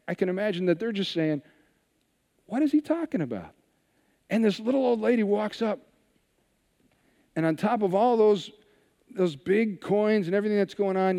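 A man preaching a sermon, telling a scripture story with animated retellings and hushed asides. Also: a little high, in a large hall. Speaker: pastor.

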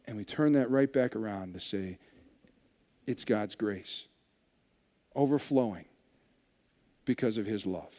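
A man's voice: fairly low pitch, a little slow, pauses often. Man preaching in a reverberant hall. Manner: storytelling, animated retelling with quiet asides. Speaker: pastor. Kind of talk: sermon.

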